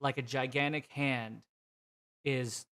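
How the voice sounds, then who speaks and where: A man's voice: medium pitch, steady tone, slow, a bit bright, clear, resonant tone. A man narrating a tabletop role-playing game as game master, describing scenes vividly with frequent fillers.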